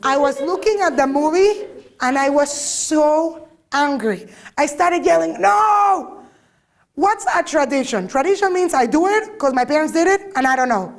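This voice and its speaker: Lively high-voiced woman. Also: moderate pace. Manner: lively, asks the audience many questions. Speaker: lecturer. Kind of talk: informal talk to a group.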